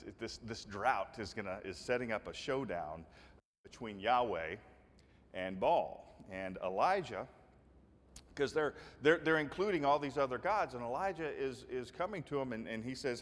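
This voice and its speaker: A man's voice: medium pitch, fairly bright tone, in a large hall. A man preaching a sermon, retelling a scripture story in casual, folksy words with many restarts.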